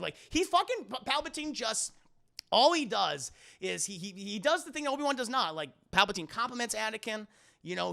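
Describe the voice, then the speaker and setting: A man giving a casual, profane spoiler review of a film to a live chat, retelling scenes with quick mock voices. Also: sits high, gravelly, bright, forceful tone.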